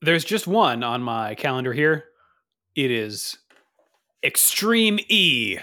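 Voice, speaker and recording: A man's voice: mid-range voice, lively intonation, measured pace, fairly bright tone. A man hosting a casual podcast, upbeat as he moves through the show segments. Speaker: podcast host. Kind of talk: casual chat.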